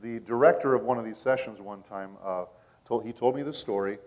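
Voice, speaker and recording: Middle-aged voice actor guy at a con panel, kinda low voice, chatty, keeps saying okay?. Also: fairly quick, a little mellow. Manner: storytelling, chatty, checks in with the audience with "okay?". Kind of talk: casual panel talk. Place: convention panel room.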